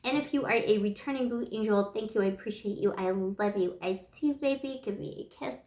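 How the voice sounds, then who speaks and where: A woman doing a casual tarot reading, chatty and affectionate with many pet names, her voice hoarse and broken by a dry cough after the flu. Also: mid-range voice, fairly quick, darkish tone, reverberant. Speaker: tarot reader.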